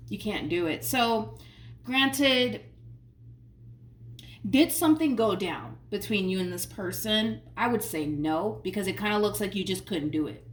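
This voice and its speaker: Excitable woman reading tarot, roomy sound. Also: mid-range voice, unhurried. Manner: emphatic, repeats phrases, slangy and excitable. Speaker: tarot reader. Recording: roomy sound from a distant mic, faint noise.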